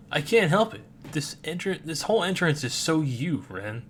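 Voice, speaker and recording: A relaxed, good-natured teenage boy who never seems worried, as a man reading a comic aloud plays him. The voice sits higher and brighter than the reader's own, with an easy, upbeat lilt. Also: slow pace, a little hiss or hum. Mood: amused. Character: laid-back cheerful teenage boy shaman.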